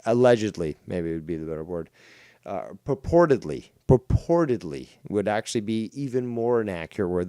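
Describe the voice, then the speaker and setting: A man's voice: lowish voice, mellow, dry recording, clean studio sound. A man hosting a livestream, ranting at a rival in a mocking, profane, rambling way. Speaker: livestream host. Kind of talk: casual commentary rant.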